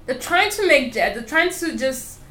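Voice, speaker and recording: A woman's voice: sits high, lively intonation, normal speed, sharp tone. A young woman with a strong foreign accent, telling her story candidly and emphatically in an interview. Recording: roomy echo with faint ambience.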